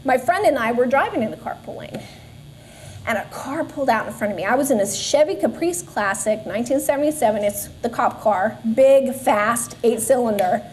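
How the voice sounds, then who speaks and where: High-voiced woman sharing her testimony. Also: animated, moderate pace, slight background noise. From Southern California. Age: 40s. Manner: earnest storytelling with self-deprecating asides. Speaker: Sunday school speaker. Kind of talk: personal testimony. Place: church classroom.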